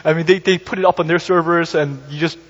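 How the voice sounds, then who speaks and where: A man's voice: a little high, steady tone, fast. A man preaching a conversational sermon, with joking asides and frequent self-corrections. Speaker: pastor. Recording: slightly dull recording with faint hiss.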